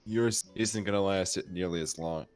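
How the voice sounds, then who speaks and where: A man running a tabletop game, relaxed as he explains the rules. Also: deep voice, normal speed. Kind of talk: casual tabletop game chat.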